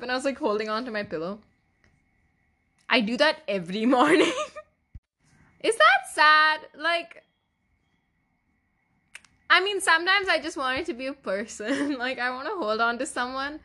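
Bright-voiced, teary young woman podcaster. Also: high-pitched, moderate pace, long pauses. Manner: candid, emotional, laughs often, swears casually. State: teary, voice breaking at times. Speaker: podcast host. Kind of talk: confessional solo podcast monologue.

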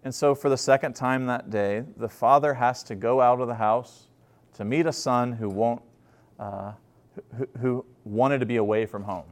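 A man's voice: medium pitch, fairly even intonation, normal speed. A male pastor delivers a sermon as an easygoing story told to a congregation. He talks informally, often restarting his sentences and using filler words between thoughts.

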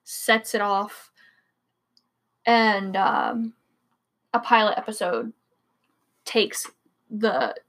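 A woman co-hosting a late-night podcast, talking haltingly as she searches for words. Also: medium pitch, big pitch swings, fairly bright tone. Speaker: podcast co-host. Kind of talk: casual late-night chat.

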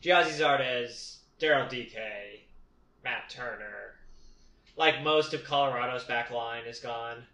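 A young man chats on a podcast with a bright, forceful tone, sure of his opinions and playfully cocky. The sound is roomy, with echo off the walls. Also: mid-range voice, slow pace. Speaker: podcast host. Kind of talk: casual podcast chat.

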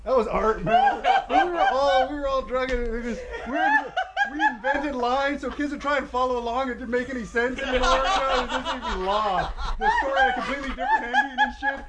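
A man's voice: very high voice, sing-song, a little fast, very noisy. A man telling a story in a loose, casual way, laughing as he talks. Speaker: comedy show cast member. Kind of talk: casual chat.

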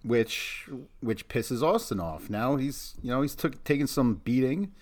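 A man's voice: mid-range voice, expressive, unhurried, darkish tone. Laid-back man podcast co-host. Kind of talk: casual chat.

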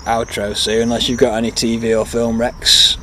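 A man's voice: medium pitch, monotone, moderate pace, bright, forceful tone, slight background noise. A man co-hosting a casual podcast, rambling with lots of fillers and frequent laughter. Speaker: podcast co-host. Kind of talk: casual chat.

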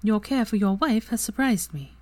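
A woman voicing a cold, haughty older wizard father in a fan story reading, with slow, measured lines. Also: medium pitch, lively intonation, darkish tone, dry recording, pitched above the performer's own voice, natural voice.

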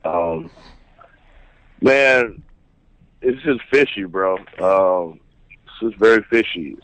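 A male caller phoning into a talk show, chatting casually in a relaxed, rambling way with lots of fillers. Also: low-pitched, takes it slowly. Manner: relaxed, rambling, with many fillers like bro and man. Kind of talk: casual chat. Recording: dull lo-fi phone line.

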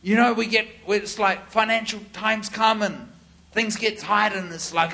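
Preacher, male, high voice, animated storyteller, acts out voices for a live crowd. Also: a little slow, gravelly. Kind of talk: sermon with storytelling.

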